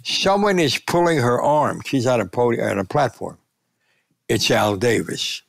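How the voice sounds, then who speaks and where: A man in his nineties, a veteran sports columnist, telling lively anecdotes in an interview. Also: mid-range voice, moderate pace, gravelly, no echo. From United States. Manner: animated anecdote telling, voice rising for punchlines. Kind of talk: storytelling interview.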